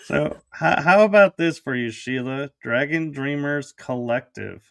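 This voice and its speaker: A man's voice: a little high, lively intonation, a little slow, creaky, no room sound. A man hosting a casual panel chat, often restarting his phrases as he thinks aloud. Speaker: podcast host.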